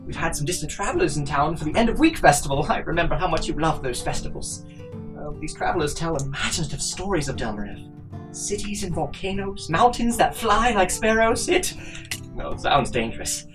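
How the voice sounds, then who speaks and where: A man's voice: fairly high pitch, very animated, fairly quick, recorded from a distance, music in the background, poor audio. A man voicing a loving, worried halfling father writing to his grown daughter. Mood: fond.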